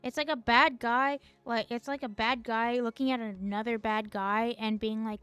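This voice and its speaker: A woman's voice: on the high side, fairly even intonation, normal speed, few pauses, fairly bright tone, clear, resonant tone, no echo, faint music behind. A woman host giving casual, slangy, profane commentary on game lore, full of chatty asides. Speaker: gaming video host.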